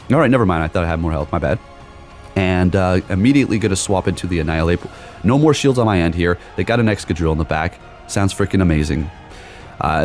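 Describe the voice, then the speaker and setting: A young man with a deep, low voice calls his online battles live, quick to exclaim when a play goes his way or against him. Faint music plays beneath his desk-mic commentary. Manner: excitable, exclaiming, talks to viewers. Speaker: gaming YouTuber. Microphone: desk microphone.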